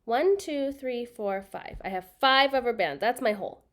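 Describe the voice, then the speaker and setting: A woman's voice: fairly high pitch, expressive, normal speed. A woman teaching a children's math lesson, speaking patiently and repeating key words so students can write them down.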